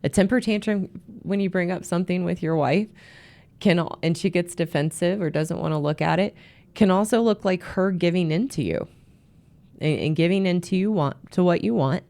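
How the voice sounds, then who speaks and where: A woman's voice: on the low side, normal speed, creaky, warm tone. A woman host and marriage coach giving earnest advice, often repeating words as she restarts. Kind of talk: advice talk to camera.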